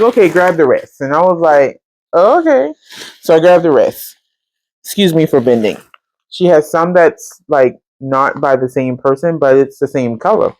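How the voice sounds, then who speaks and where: A woman, hosting a podcast and telling a story in casual chat, animated and chatty, often jumping into a high voice to quote people. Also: dry recording. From Central Texas. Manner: colloquial and chatty, addresses listeners as y'all. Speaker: podcast host.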